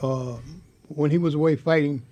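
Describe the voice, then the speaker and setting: An older man telling a heartfelt story in an interview, speaking with impassioned, halting repetition. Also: fairly high pitch, fairly even intonation, dark tone, no echo. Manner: impassioned, halting, repeats words. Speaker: interviewee, veteran.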